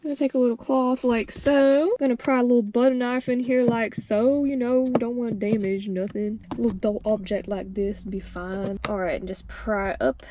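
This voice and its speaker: A woman's voice: a little high, steady tone, normal speed, hardly any pauses, noisy background. A young woman giving a casual, playful how-to tutorial from inside a car, chatting to the viewer and to the part she is fixing. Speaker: car repair vlogger.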